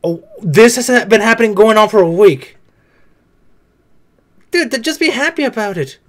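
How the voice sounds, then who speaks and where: A man's voice: sits high, expressive, normal speed. A young man talking back at the screen in casual reaction commentary, chatty and swearing now and then. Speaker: reaction video host.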